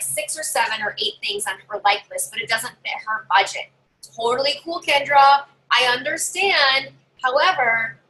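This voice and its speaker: Animated woman sales consultant, bright voice, a bit high, chatty trainer who acts out customer lines. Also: low-quality recording. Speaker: home party sales consultant. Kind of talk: casual training talk to fellow sellers.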